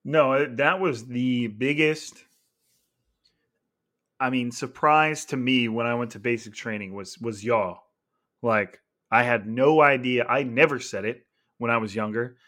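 A man's voice: mid-range voice, fairly even intonation, a little slow, fairly bright tone. Chatty male podcast host. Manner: chatty, laughing, heavy on filler words. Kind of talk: casual sports podcast chat.

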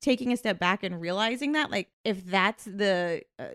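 A woman's voice: mid-range voice, lively intonation, normal speed, fairly bright tone, dry recording. A woman co-hosting a podcast about motherhood, new to being a mom, talking bluntly and swearing freely in casual chat. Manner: blunt, swears, reacts with laughs.

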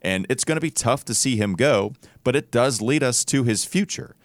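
A man from North Carolina hosting a sports podcast, talking casually in an animated, rambling way. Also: medium pitch, normal speed, no echo. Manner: animated, rambling, self-interrupting. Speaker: podcast host.

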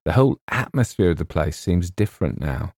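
A man's voice: sits low, lively intonation, a little fast, a little mellow, slight background noise. A man voicing a fretful young bachelor writer who talks in an earnest, anxious way.

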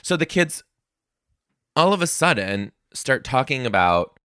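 A young man telling classroom stories as a comedic monologue, sassy and animated, bursting into high-pitched rants. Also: measured pace, dry recording, studio quality.

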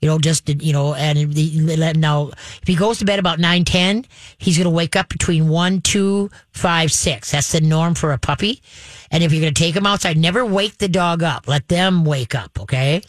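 A woman giving puppy training advice on a radio show, folksy and chatty, checking in with a steady stream of "okay?". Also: sits low, moderate pace, dry recording. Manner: folksy, checks in with frequent "okay?", chants the commands.

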